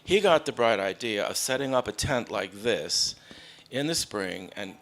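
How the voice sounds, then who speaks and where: A man on a panel telling a story in a halting, anecdotal way. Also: lowish voice, expressive, fairly bright tone.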